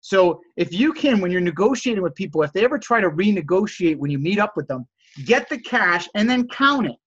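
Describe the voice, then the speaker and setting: High-voiced man coaching, lo-fi sound. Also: very animated, brisk, a bit bright, husky. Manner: enthusiastic salesman-like delivery. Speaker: host of a live stream teaching resale negotiation. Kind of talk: casual live-stream coaching, reading chat messages.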